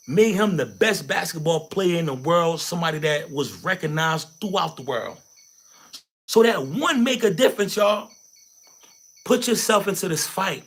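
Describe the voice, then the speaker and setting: A man's voice: high voice, animated, moderate pace, a bit bright, breathy edge. A man hosting a livestream, rallying his viewers in a preachy way and repeating his phrases. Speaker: livestream host. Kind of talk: hyped motivational livestream chat.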